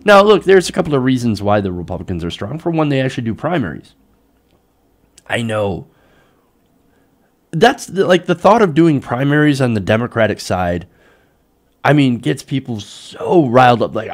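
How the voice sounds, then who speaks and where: Animated man ranting on politics. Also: fairly high pitch, a little slow, pauses often. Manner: animated, exasperated ranting with mocking quoted voices. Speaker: host. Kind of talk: political commentary show.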